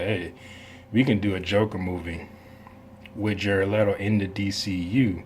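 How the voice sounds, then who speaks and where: A man's voice: low voice, a little hiss or hum. A man hosting a reaction video, talking in a casual, rambling way with many asides and some laughs.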